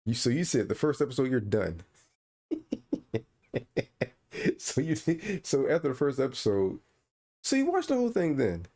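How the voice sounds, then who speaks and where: A man's voice: medium pitch, moderate pace, pauses often. A man co-hosting a podcast in casual chat, ranting with incredulous energy. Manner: animated, incredulous ranting with laughs. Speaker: podcast co-host.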